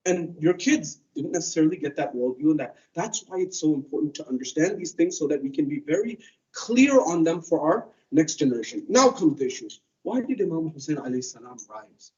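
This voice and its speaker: A man's voice: fairly high pitch, lively intonation, a little fast, darkish tone, recorded from a distance, muffled recording. A man giving a conversational Muharram sermon, telling stories and acting out quotes. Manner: conversational, storytelling with acted quotes. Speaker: speaker at a religious center.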